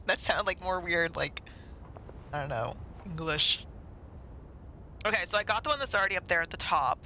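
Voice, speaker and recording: A man's voice: sits high, fairly quick, long pauses, sharp tone, a little hiss or hum, poor audio. A man streaming a game live, chatting casually and rambling to himself and his chat. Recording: game music clearly behind.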